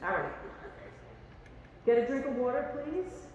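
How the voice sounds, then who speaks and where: Heard from far off in a large, echoey rehearsal hall with music and background noise, a choir conductor leads rehearsal in a high, sing-song, unhurried voice over dull audio. She chats and jokes, sings rhythms on syllables, and counts the singers in.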